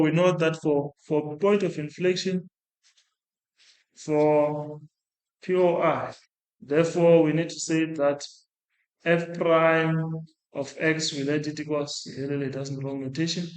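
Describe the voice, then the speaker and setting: A man's voice: on the high side, level tone, measured pace. A man teaching a maths lesson step by step, talking through his working aloud and often restarting or correcting himself. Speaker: maths lecturer. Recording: echoey room.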